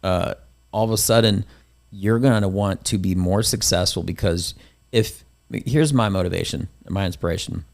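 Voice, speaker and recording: A man's voice: sits low, moderate pace, gravelly. A man hosting a casual interview podcast, talking in a rambling, motivational way with many restarts. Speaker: podcast host and comedian.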